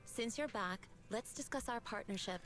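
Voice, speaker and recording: A woman plays a serene young mystic in a game, composed and formal, every sentence measured and unhurried. Her voice sits a little high, and soft game music hums faintly underneath. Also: lightly acted. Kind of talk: game voice acting.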